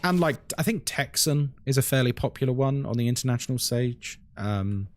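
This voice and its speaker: British male game streamer, casual explainer voice, lively pitch. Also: normal speed. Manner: chatty and explanatory, many fillers like "like" and "um". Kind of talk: live gameplay commentary, answering chat.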